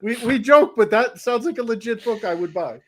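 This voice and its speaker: A man's voice: extremely high pitch, lively intonation, brisk, fairly bright tone. A man guesting on a podcast in casual comedic chat, jokey and laughing a lot.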